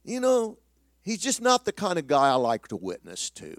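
Animated man telling a sermon story. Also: fairly high pitch, normal speed, dry recording, clean studio sound. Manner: animated, self-deprecating storyteller with many restarts. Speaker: preacher.

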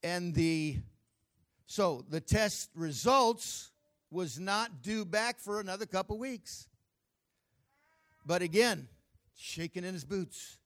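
High-voiced preaching man. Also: expressive, slow, pauses often, a bit bright. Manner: emphatic storytelling preaching. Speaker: pastor. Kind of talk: sermon.

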